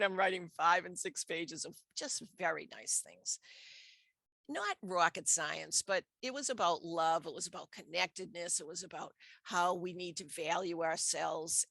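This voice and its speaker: Middle-aged woman, low gravelly voice, lively storyteller, dry close sound. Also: dry recording. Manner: animated storyteller, acts out her own quoted reactions. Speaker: podcast guest. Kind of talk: casual storytelling interview.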